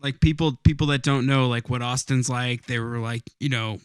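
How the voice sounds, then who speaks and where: A man's voice: mid-range voice, moderate pace, clean tone, no room sound, studio quality. A man from upstate New York, a musician guest, chatting in an easygoing, hesitant way. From Binghamton, New York. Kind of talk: casual interview chat.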